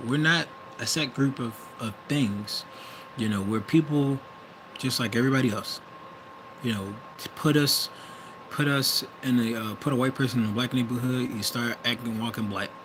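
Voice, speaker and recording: A man's voice: mid-range voice, moderate pace. A young man from the US Midwest with a Wisconsin accent, talking in a hesitant, rambling monologue full of restarts and self-corrections. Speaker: vlogger. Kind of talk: casual monologue. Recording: vehicle noise in the background.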